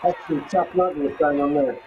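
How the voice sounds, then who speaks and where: A man co-hosting a casual chat show. He jokes and banters easily, and his voice sits a little higher than most men's. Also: fairly even intonation, fairly quick, phone-quality sound, crowd noise, background noise. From East London. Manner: jokey, chatty, laughs easily. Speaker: co-host.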